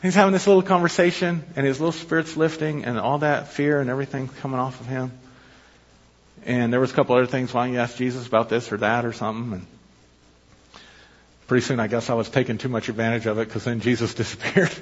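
A man preaching a sermon as pastor, telling a personal story in a conversational way with quick asides. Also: mid-range voice, steady tone, husky. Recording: dull lo-fi sermon recording.

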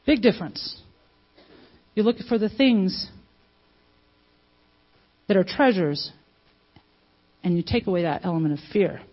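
A woman's voice: medium pitch, lively intonation, unhurried, pauses often. Conversational woman preaching, dull audio. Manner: conversational, asks the audience questions, acts out quotes. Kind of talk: sermon.

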